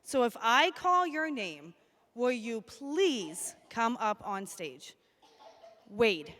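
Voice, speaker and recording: A woman speaks from a school assembly stage to a room of children. Her voice sits a little high, and she keeps things upbeat and chatty. She calls out names and class groups one after another. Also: sing-song, very slow, a bit bright. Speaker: school staff member presenting at an assembly.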